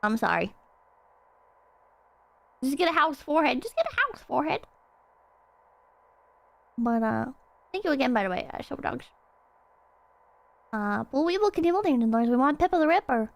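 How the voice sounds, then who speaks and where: A woman streaming a horror game, chatting excitably and rambling, swearing freely as she plays. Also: sits high, moderate pace, long pauses, dry recording. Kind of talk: casual game stream chat.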